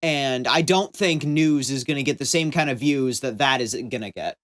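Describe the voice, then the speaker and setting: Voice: medium pitch, moderate pace, a bit bright. Cohost on a podcast, wry and offhand, normal middle voice. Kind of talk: casual chat.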